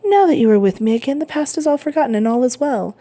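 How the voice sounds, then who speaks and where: A woman voicing a frail, gentle old man who is a self-sacrificing father, speaking softly in a storybook reading. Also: high-pitched, animated, fast, voice pushed up. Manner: gentle, soothing.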